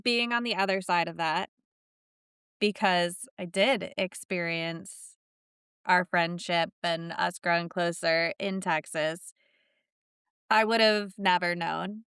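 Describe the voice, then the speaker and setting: Smooth-voiced reflective woman podcaster. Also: on the low side, steady tone, takes it slowly, a bit bright, no room sound, studio quality. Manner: reflective, filler-heavy, lots of "like". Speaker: podcast co-host. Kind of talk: casual chat.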